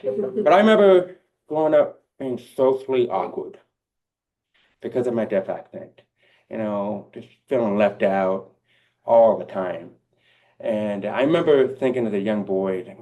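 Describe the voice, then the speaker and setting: A man's voice: lowish voice, animated, unhurried, warm tone. A man with a deaf accent giving a heartfelt, encouraging keynote speech, speaking directly to his audience.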